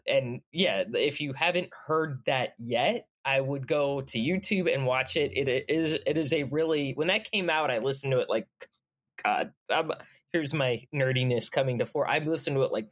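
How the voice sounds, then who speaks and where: A woman's voice: a bass voice, normal speed. Chatty, enthusiastic woman. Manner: chatty, enthusiastic, laughs often. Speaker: podcast guest. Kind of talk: casual chat.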